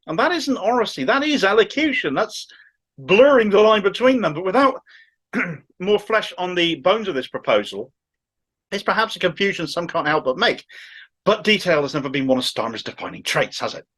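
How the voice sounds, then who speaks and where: A man's voice: sits high, big pitch swings, moderate pace, a bit bright, breathy edge. A middle-aged man from Cornwall with a thick Cornish accent, giving sardonic, opinionated political commentary to camera. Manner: sardonic, mocking asides.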